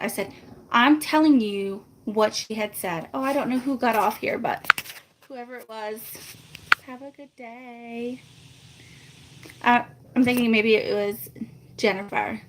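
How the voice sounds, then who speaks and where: A woman's voice: a little high, a little hiss or hum. A woman vlogger chatting casually to live viewers, animatedly retelling a frustrating phone dispute and acting out both sides of the calls. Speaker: family vlogger.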